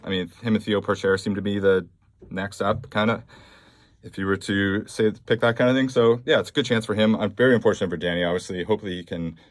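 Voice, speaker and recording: A man's voice: on the low side, fast, no room sound. Blunt, offhand male podcast host. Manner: blunt, offhand, reads news aloud with fillers. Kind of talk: casual solo podcast commentary.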